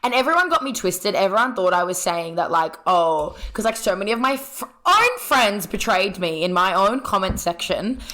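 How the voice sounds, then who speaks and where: A young Australian speaker from Sydney, telling stories animatedly with lots of slang and "like" as a podcast guest. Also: female voice, mid-range voice, expressive, normal speed, hardly any pauses, pushed and bright. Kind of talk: casual podcast chat.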